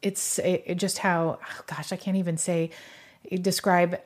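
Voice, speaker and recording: A woman's voice: fairly low pitch, little pitch movement, measured pace. Earnest middle-aged woman telling her testimony. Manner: emotional, rambling with frequent restarts and "you know". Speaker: guest sharing her faith story. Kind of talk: conversational testimony.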